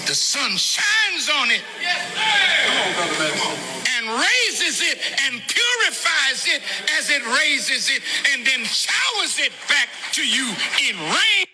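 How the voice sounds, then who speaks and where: A minister preaching a sermon in a booming, emphatic voice, stretching out his words. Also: very animated, slow pace, pushed and bright, roomy sound, a little hiss or hum.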